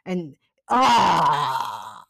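A woman's voice: deep voice, sing-song, drawn-out words, gravelly, fairly bright tone, husky, no echo. A woman casually recapping a TV episode, acting out the characters' lines with lots of laughter. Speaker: podcast co-host recapping a TV episode.

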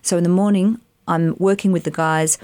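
A middle-aged woman, an actress and voiceover artist, telling animated stories in a casual interview, with rambling asides. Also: lowish voice, normal speed, dry recording. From Australia. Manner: animated, chatty, rambling anecdotes with many asides.

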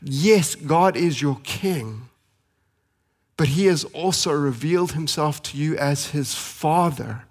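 A man in his thirties preaching a sermon as pastor, earnest and pleading, slowing for emphasis and speeding through family stories. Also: on the high side. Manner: earnest, pleading, with slow emphatic pauses and fast anecdotes.

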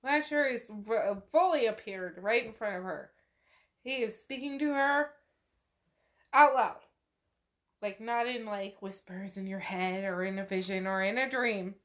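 A woman's voice: mid-range voice, measured pace, a bit bright. A woman podcast host casually retelling a novel chapter, chatty and swearing freely as she narrates what the characters do. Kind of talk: casual book recap.

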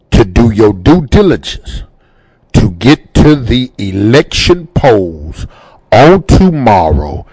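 Male radio host, fervent preacher cadence, slow, very lively pitch, dry close mic. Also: slightly rough, no room sound. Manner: fervent, repeats phrases for emphasis. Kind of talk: preaching-style radio talk.

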